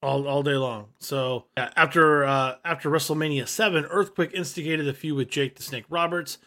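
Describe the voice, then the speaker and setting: Male co-host, reads notes aloud, bright forceful tone. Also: a little high, normal speed. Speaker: podcast co-host. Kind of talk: casual chat, reading notes.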